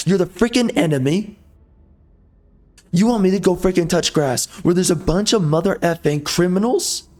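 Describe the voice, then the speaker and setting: Angry ranting man, fairly high voice. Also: normal speed, a little mellow. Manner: angry, minced swearing, rhetorical questions. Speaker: gameplay video host. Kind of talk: ranting commentary over gameplay.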